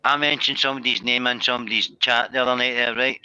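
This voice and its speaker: A man's voice: medium pitch, steady tone, fast talker, pushed and bright, smooth, no echo. A man on a live stream panel telling long rambling stories, repeating himself and swearing. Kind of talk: casual banter on a live stream. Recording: dull, dry lo-fi sound.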